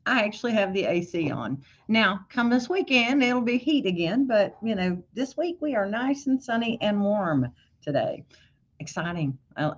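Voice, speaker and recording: A woman hosting a casual livestream tutorial on embroidery software, chatting and greeting viewers by name. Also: medium pitch, muffled recording.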